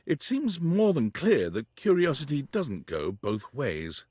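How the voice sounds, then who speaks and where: A man reading scripted video game narration in a wry, deadpan manner. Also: mid-range voice, a little slow, breathy edge, exaggerated voice.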